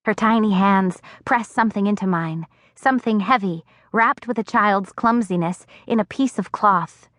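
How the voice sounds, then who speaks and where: A woman narrating a first-person audiobook in an expressive storytelling voice, recorded on a close studio mic. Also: mid-range voice, normal speed, hardly any pauses, no room sound. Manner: expressive, acting out dialogue.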